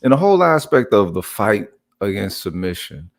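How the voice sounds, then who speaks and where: A man with a lower voice hosts a casual livestream chat. He talks in a relaxed, drawn-out way and keeps checking in with his listener using filler phrases. He sounds easygoing and conversational. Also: creaky. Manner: laid-back, drawn out, keeps saying "you know what I'm saying". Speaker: livestream host.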